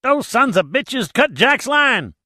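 A man's voice: very high-pitched, big pitch swings, slow, pushed and bright, no echo, pitched above the performer's own voice, heavily acted. A man voicing a frightened male diver with a Texas drawl, close to hysteria. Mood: panicked.

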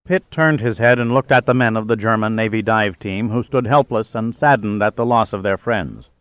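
A man narrating an audiobook in a steady, even storytelling manner. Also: lowish voice, normal speed, no echo, dull audio. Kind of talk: scripted narration.

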